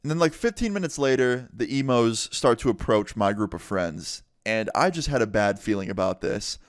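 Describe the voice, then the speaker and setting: A young man casually telling a storytime vlog with animated delivery and heavy swearing. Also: medium pitch, normal speed, smooth, no room sound, studio quality. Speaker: vlogger.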